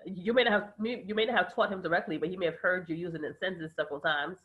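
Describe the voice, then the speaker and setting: A woman in her forties, a life coach and guest, talking confidently and backing up the host with quick affirmations. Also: fairly low pitch, steady tone, phone-quality sound. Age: 40s. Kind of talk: casual chat.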